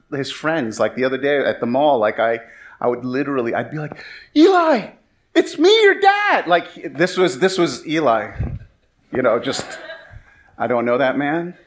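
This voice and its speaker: A man in his forties preaching a sermon as pastor, telling stories in a conversational, self-deprecating way. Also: mid-range voice.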